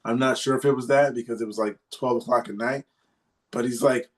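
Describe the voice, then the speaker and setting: A man's voice: mid-range voice, fairly even intonation, a little fast. A man in a podcast chat, telling a story in a rambling way with many ums and restarts. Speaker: podcast guest or co-host.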